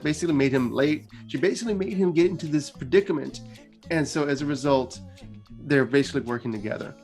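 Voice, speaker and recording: A male channel host casually retelling a story, chatty and loose, full of filler words. His voice sits at a middling pitch, and light guitar music plays faintly underneath.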